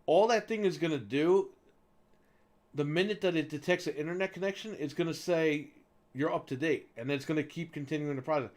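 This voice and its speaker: Speaking a little high and a little fast, a man on a gaming show, where he's co-host, narrates a long story in a relaxed way. He's lively, uses plenty of profanity, and impersonates the characters.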